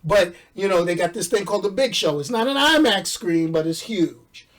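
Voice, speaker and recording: A man's voice: high-pitched, expressive, moderate pace, distant mic. A man from New York talking casually and animatedly about a movie, joking, laughing often and using street slang. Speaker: movie reviewer. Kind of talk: casual movie review chat.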